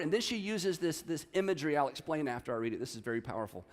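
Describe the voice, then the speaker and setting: A middle-aged male pastor delivers a sermon with a light, high-set voice. He tells the story with animated energy and drops into acted-out quotes. The sound rings with the long tail of a big hall. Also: rapid-fire, few pauses. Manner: animated storytelling, acts out quotes with rising pitch. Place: church sanctuary.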